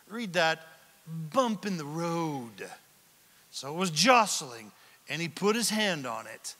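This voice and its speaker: Dramatic high-voiced preacher in a reverberant hall. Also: male voice. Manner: dramatic preaching, swings from shouts to whispers; reads scripture aloud and asks the congregation questions. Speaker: pastor. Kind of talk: sermon. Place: church sanctuary.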